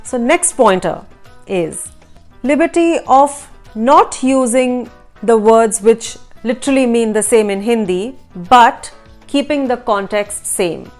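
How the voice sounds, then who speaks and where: A woman hosting a language lesson, explaining translation choices in a measured, explanatory way. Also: a little high, a little mellow, soft background music. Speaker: language teacher and host.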